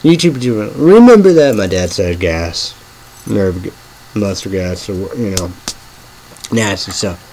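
Slow, rambling man with loud outbursts. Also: on the low side, lively intonation, poor audio. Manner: halting, filler-heavy, swears in bursts; swings from murmuring to sudden loud outbursts. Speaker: vlogger. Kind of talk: rambling political monologue.

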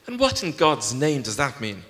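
Man voicing stern elderly priest, indignant; lively intonation, long reverb. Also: medium pitch, normal speed. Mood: scolding. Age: older than 60. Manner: scolding, exasperated, indignant. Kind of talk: live reading aloud. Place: large concert hall. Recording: long concert hall reverb.

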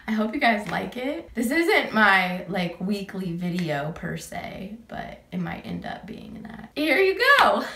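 A woman's voice: medium pitch, sing-song, a little slow, few pauses, bright, forceful tone, reverberant. A young woman vlogger telling a story in casual chat, rambling with lots of "like" and breaking into giggles.

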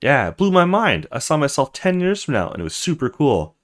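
A man voicing an eager, excited young woman in a video game. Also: a little high, a little fast.

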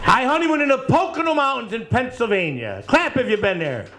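A man in his fifties doing a profane stand-up routine, rapid-fire jokes and needling the crowd in a bar. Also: very high voice, very animated, noisy background. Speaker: stand-up comedian. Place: bar with live audience. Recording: live bar set with crowd laughing. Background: crowd laughter.

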